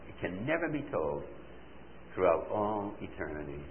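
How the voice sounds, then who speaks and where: An older man preaching a sermon, animated and full of rhetorical questions, playing out his listeners' answers himself. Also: sits low, moderate pace, a little hiss or hum. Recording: tinny phone-like recording.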